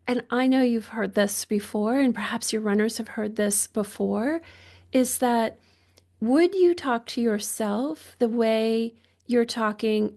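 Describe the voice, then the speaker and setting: A woman physician appears as a guest on a podcast, speaking reflectively in a gravelly, higher-pitched voice. She sounds thoughtful and searching, restarting often and laughing softly.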